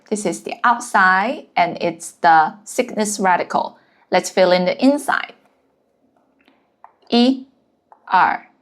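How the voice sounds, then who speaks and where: Super slow woman tutor going through characters stroke by stroke, close mic. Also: medium pitch. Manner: slow, careful, counting out strokes one by one. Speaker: Chinese language teacher. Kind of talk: slow step-by-step lesson narration.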